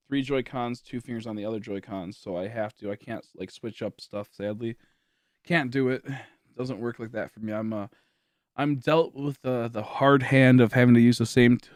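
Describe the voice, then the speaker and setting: A young man livestreaming from home, tired and rambling as he chats with his viewers. His pitch sits in a middling range, and he talks out loud as he weighs what to do next, leaning on filler words. The recording is close and dry, with no room sound. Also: no echo. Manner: rambling, filler-heavy, thinking aloud. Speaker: game streamer. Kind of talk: casual livestream chat to viewers. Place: at home, indoors.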